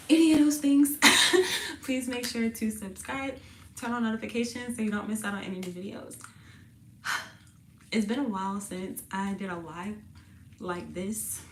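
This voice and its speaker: A woman hosting a casual tarot reading video, chatty and slangy, laughing often and sounding a bit parched and husky. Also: medium pitch, a little hiss or hum. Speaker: tarot reader and channel host. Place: indoors, sitting on the floor.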